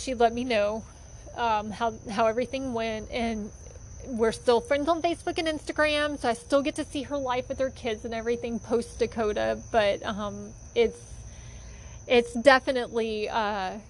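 A woman's voice: a little high, steady tone, normal speed, slight background noise, poor audio. A woman telling personal stories about fostering dogs in a chatty, heartfelt way with lots of fillers. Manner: chatty, many fillers, gets emotional. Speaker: dog foster volunteer. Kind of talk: casual storytelling monologue.

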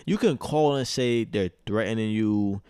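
A man's voice: on the low side, a little slow, mellow, clear, resonant tone, no room sound, clean studio sound. A man co-hosting a podcast, talking loose and profane in casual chat. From Ghanaian family. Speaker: podcast co-host.

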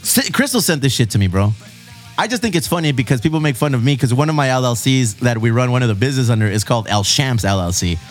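A man's voice: mid-range voice, lively intonation, quick pace, soft background music. A man in his forties hosting a casual podcast, laughing often, swearing freely and stretching out headlines for emphasis. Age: 40s. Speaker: podcast host.

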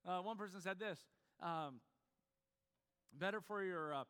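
A man's voice: high voice, measured pace, a bit bright, clear, resonant tone, in a large hall. A man preaching a sermon in a conversational way, with fillers and restarts. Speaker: pastor.

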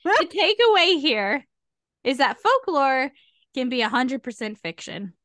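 A woman's voice: high-pitched, a little slow, no echo. A woman from the United States co-hosting a podcast, chatting casually and making emphatic asides. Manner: animated and emphatic, asides with "okay?". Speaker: podcast co-host. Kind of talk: casual chat.

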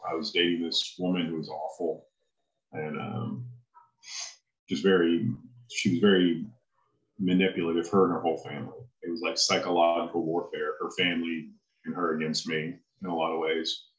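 A man with a very low voice tells his personal faith story as an interview guest. He speaks earnestly and haltingly, often pausing to find his words. The recording carries the echo of a roomy space. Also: level tone, dull audio.

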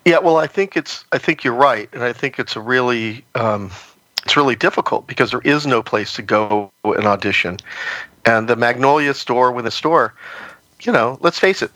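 A man's voice: medium pitch, moderate pace, pushed and bright, no echo, rough recording. Rambling man, dry close sound. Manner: rambling, heavy on "you know" fillers. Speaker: podcast guest. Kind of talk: casual interview chat.

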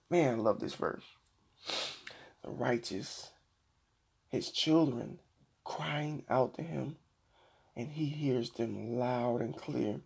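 A middle-aged man hosting a Christian devotional podcast, preaching earnestly and slowing down to read scripture. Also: medium pitch, creaky, darkish tone, husky. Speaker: podcast host.

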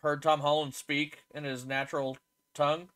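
A man's voice: on the high side, level tone, moderate pace, fairly bright tone. A man with an Oklahoma accent, co-hosting a podcast in casual, teasing banter. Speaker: podcast co-host. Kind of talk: casual chat.

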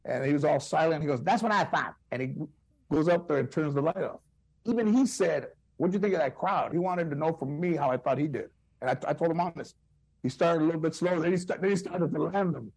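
A man with a Chicano English accent, a comedian guest telling animated anecdotes full of quoted voices and restarts. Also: a little high, fast talker, gravelly. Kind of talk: storytelling interview.

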